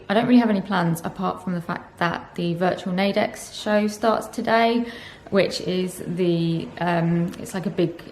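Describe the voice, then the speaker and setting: A woman's voice: fairly low pitch, a little mellow, slight background noise. A young woman chatting casually to camera in her vlog, rambling along with plenty of ums and little laughs. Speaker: vlogger.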